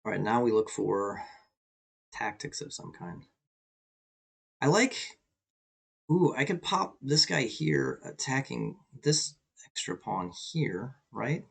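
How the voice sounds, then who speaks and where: A man's voice: medium pitch, very animated, measured pace, creaky, breathy edge. A man streaming an online chess game, thinking aloud in an anxious, self-deprecating way. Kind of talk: live commentary while playing online chess.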